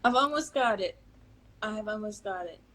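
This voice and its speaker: A woman's voice: medium pitch, expressive, moderate pace, pushed and bright, rough recording. A woman on a video call, reading her poetry on a livestream, flustered and apologetic as she hunts for her page. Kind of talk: casual livestream chat.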